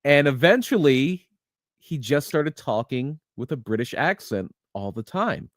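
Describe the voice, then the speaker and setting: This wrestling podcast co-host is a rambling male storyteller who restarts a lot and laughs as he goes in casual conversation. His mid-range voice is animated and measured in pace. The sound is clean studio audio without room sound.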